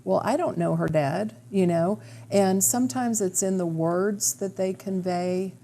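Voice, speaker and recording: A woman hosting a radio interview as a medium, explaining in a calm, assured way. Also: medium pitch, measured pace, slight background noise. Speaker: radio show host, medium. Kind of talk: interview conversation.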